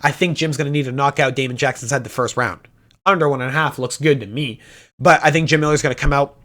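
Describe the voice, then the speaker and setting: A man's voice: medium pitch, sharp tone. A man hosting a casual fight predictions talk, blunt and opinionated, swearing often and restarting sentences. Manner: fast talking with restarts.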